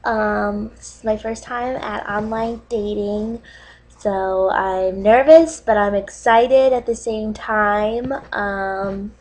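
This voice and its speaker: A woman's voice: mid-range voice, takes it slowly, a little mellow, low-quality recording. A young woman playing a nervous, cat-obsessed lady on a dating video, hesitant with many ums and breaking into sobs. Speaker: comedy sketch character. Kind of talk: comedic dating-video monologue.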